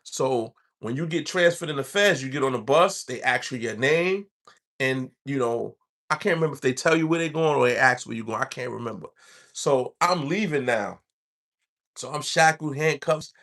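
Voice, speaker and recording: A man's voice: mid-range voice, normal speed, a bit bright. A man, telling his own story in loose street slang. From New York. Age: 40s. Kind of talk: casual storytelling.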